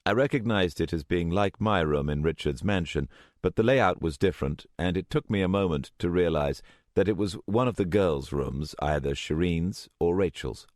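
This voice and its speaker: A man narrating an urban fantasy audiobook in a steady, even manner. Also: deep voice, moderate pace, no room sound. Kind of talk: scripted narration. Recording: dry close studio sound.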